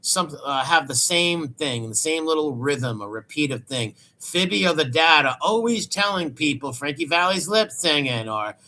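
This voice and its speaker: A man's voice: a little high, animated, normal speed, hardly any pauses, sharp tone. A man giving scornful, dismissive reaction commentary over a video.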